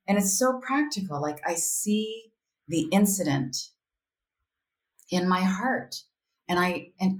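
A woman talking as a podcast guest, candid and reflective, often quoting her own inner voice. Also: mid-range voice. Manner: candid, reflective, animated, with quoted self-talk. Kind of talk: casual interview conversation. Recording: roomy echo.

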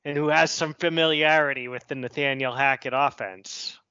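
A man's voice: medium pitch, steady tone, normal speed, pushed and bright, clean tone, no echo. A man hosting a casual sports podcast, chatting loosely, joking around and laughing often as he leads the conversation. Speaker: podcast host. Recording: slightly muffled lo-fi podcast audio.

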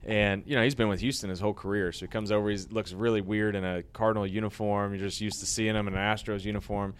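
A man, a former baseball pitcher, telling rambling anecdotes in a casual interview, growing lively as he retells old stories. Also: fast talker, clear, resonant tone.

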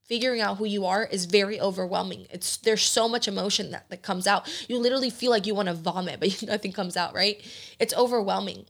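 A woman's voice: medium pitch, fairly quick, vocal fry. A woman in her late twenties hosting a podcast, talking candidly and with emotion, swearing casually. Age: 20s. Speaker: podcast host. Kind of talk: candid personal talk.

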